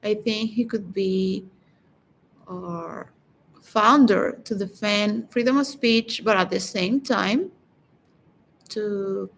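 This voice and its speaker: A woman's voice: mid-range voice, slow pace, gravelly, long pauses, slight background noise, poor audio. A woman giving a reflective, philosophical solo monologue that rambles and halts, with frequent restarts. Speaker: vlogger.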